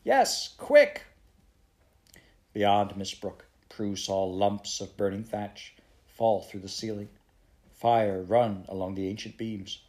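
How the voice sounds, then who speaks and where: A man reading a children's novel aloud in a steady storytelling manner. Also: lowish voice, slow. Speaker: audiobook reader.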